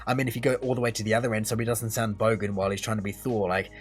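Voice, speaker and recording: A man's voice: fairly low pitch, level tone, very fast, slightly rough. An Australian man hosting a reaction video, thinking aloud in long, rambling commentary. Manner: musing, thinks aloud in long run-on sentences. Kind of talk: casual commentary.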